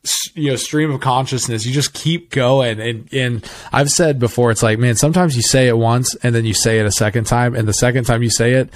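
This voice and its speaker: A man's voice: mid-range voice, steady tone, brisk, few pauses, slight background noise. A man hosting a casual podcast conversation, chatty and rambling, often correcting himself mid-sentence. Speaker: podcast host.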